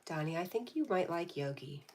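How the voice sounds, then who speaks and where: A woman hosting a casual livestream, reading viewers' comments aloud and answering in a gentle, affectionate, spiritually encouraging way. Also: lowish voice, animated, normal speed, a little hiss or hum. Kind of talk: casual live-stream chat.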